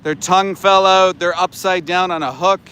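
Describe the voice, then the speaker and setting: A man's voice: high-pitched, steady tone, normal speed, bright, forceful tone, clear, resonant tone. A middle-aged man doing livestream commentary outdoors, blunt, profane and indignant. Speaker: animal rights activist, livestreamer. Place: outdoors by a roadside.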